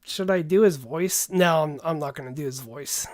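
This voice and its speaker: A man's voice: a little high, moderate pace. A man hosting a livestream who talks in a casual, rambling way and calls people "dude". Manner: laid-back, rambling, says "dude" often. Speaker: livestream host.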